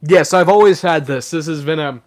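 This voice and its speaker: A young man chatting casually on a live stream and reading chat aloud. He is sick and his voice sounds rougher than usual. He is chatty and excitable, with lots of fillers. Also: fairly high pitch, moderate pace.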